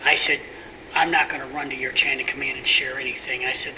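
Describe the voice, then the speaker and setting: A middle-aged pastor telling a story in a sermon, often sinking to a hushed near-whisper. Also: male voice, medium pitch, fast talker. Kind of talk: sermon testimony. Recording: distant mic with steady air conditioning hum.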